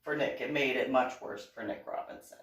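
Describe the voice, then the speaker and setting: A woman's voice: rumbling low, fairly even intonation, a little fast. Woman, East Coast American accent, casual storyteller who laughs often and mimics others; distant mic, reverberant room. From East Coast of the United States. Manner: chatty, laughs often, acts out quoted voices. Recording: echoey room, set back from the mic.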